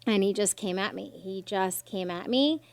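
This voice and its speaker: A woman's voice: mid-range voice, normal speed, no room sound. Woman guest, podcast mic, dry close sound, emotional storyteller who swears and voices others' lines. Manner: animated, swears freely, acts out quoted voices.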